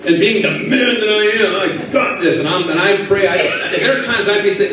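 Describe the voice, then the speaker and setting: Male pastor, high voice, lively storyteller, heard from far off in an echoey church. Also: fast, background noise. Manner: animated storytelling, acting out his own prayers. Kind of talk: sermon.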